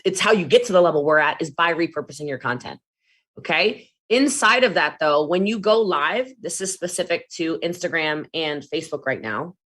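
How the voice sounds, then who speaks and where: A woman giving an energetic network marketing training talk, animated and quick to jump between demonstrations and asides. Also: lowish voice. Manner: fast, animated, jumps between demos and asides.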